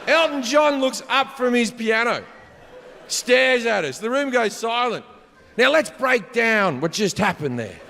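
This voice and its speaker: Crude Australian comic with a bright voice. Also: male voice, extremely high pitch, a little slow, vocal fry. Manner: crude, animated, swings into shouted punchlines. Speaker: stand-up comedian. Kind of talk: stand-up storytelling. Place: large concert venue on stage. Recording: live hall reverb with faint crowd ambience.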